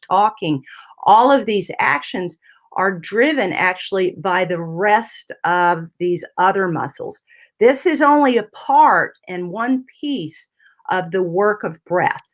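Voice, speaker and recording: A woman physical therapist guiding listeners through anatomy on a talk radio interview. Her voice sits in a middle pitch, and she talks in a patient, step-by-step way, often tagging on "you know" and "right?" as she explains. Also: expressive, takes it slowly.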